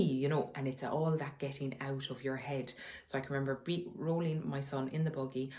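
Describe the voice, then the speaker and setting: Woman with a deep, low voice, talking frankly from her sitting room, casual and chatty, quick to laugh. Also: level tone, dark tone. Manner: frank, conversational, laughs often. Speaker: wellness vlogger. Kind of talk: candid personal advice talk.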